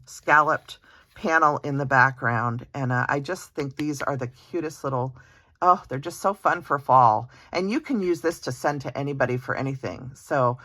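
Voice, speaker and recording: A woman hosting her card-making channel, gushing softly with frequent ums and uhs as she shows her handmade cards. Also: a bass voice, no echo. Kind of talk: casual show-and-tell of handmade cards.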